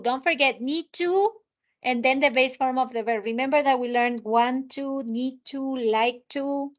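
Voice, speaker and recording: Casting: woman with a high voice, patient online English teacher, slow delivery. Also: muffled recording. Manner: slow, patient, checks in with students often. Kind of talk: online language lesson.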